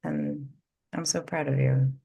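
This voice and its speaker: A woman's voice: deep voice, fairly even intonation, unhurried, vocal fry, dark tone, slightly rough, dull audio. A woman life coach in casual conversation with a client, encouraging and emphatic.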